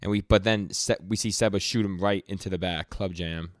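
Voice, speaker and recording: Steady and low-pitched, a young man's voice comes through at studio quality with no room sound. He co-hosts a podcast, casually retelling comic scenes from manga in quick quoted lines, with plenty of stammers as he stumbles over words.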